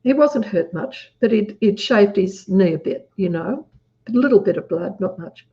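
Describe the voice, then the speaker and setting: A woman's voice: medium pitch, lively intonation, moderate pace, mellow. A woman with an Australian accent talking earnestly in casual conversation, acting out quotes as she tells a story. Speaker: guest. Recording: dull lo-fi audio.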